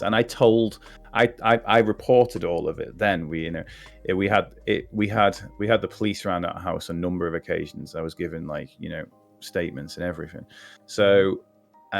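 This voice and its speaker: A very deep-voiced man in his forties speaks with a Scouse accent. He is a podcast guest in loose conversation, starting over mid-sentence and laughing easily. Faint music plays in the background. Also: creaky. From Liverpool, England. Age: 40s. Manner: halting, restarts often, laughs easily. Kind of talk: casual personal conversation.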